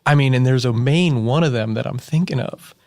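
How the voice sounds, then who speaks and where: A man's voice: medium pitch, fairly quick, darkish tone, no room sound. A man co-hosting a comedy podcast, riffing in a playfully mock-serious way. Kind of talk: improvised comedy chat.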